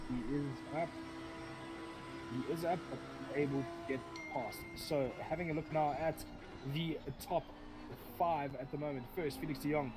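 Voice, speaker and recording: A man's voice: a little high, low-quality recording. A man giving live sim racing commentary, rambling, often correcting himself and joking as he goes.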